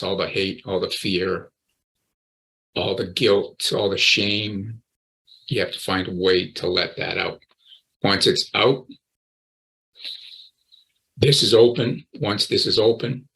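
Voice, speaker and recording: A man's voice: deep voice, bright, forceful tone, rough recording. Blunt older male recovery coach. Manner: blunt, direct, emphatic. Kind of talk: interview conversation.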